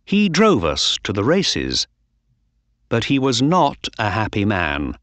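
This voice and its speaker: A man reading a storybook aloud for learners, very slowly and clearly. His pitch moves widely and expressively, and the sound is close and dry. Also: dry recording. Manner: slow, clear, lively reading. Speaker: narrator. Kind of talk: slow storybook narration for learners.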